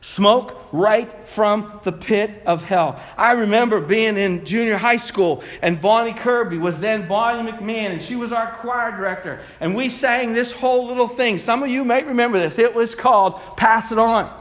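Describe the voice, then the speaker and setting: A middle-aged male pastor preaching a sermon, rising to shouts and dropping low for emphasis. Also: moderate pace, few pauses. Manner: preachy, builds to shouts then drops low.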